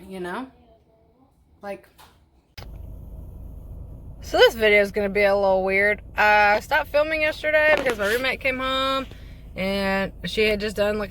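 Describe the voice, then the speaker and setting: A woman's voice: mid-range voice, fairly bright tone, a little hiss or hum. A woman vlogging in casual chat, blunt and chatty, swearing freely. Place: parked car.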